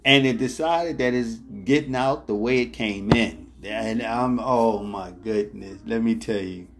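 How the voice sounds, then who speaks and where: A middle-aged man telling a travel story to his viewers, slow and unhurried, stumbling over repeated words. His voice sits at an ordinary pitch. Faint music plays under him. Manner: rambling, repeats words, chuckles as he tells; addresses viewers directly as ladies and gentlemen. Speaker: travel vlogger. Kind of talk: casual storytelling.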